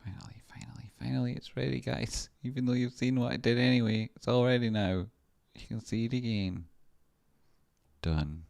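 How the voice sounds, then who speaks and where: A man's voice: mid-range voice, steady tone, normal speed, vocal fry, a little mellow, no echo. A man with a Scottish accent, mumbling and muttering to himself as he chats casually on a live stream. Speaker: livestreamer and stock chart analyst.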